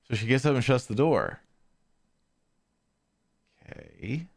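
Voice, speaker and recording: A man hosting a podcast, telling a casual story in a rambling way, often correcting himself and trailing off quietly. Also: mid-range voice. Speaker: podcast host.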